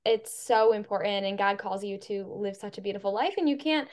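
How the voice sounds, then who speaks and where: A young woman hosting a podcast. She talks effusively and warmly, with many "like" and "um" fillers. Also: mid-range voice, brisk. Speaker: podcast host. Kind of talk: casual podcast chat.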